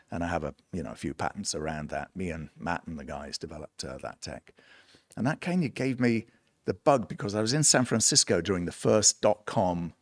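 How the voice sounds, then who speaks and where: A middle-aged man with a mostly British accent, a guest in a casual interview, telling animated stories with laughs. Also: low voice, no echo. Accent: British, mostly, after long years in the United States. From United Kingdom. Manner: animated storyteller who laughs often and acts out quoted voices. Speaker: guest, entrepreneur and songwriter.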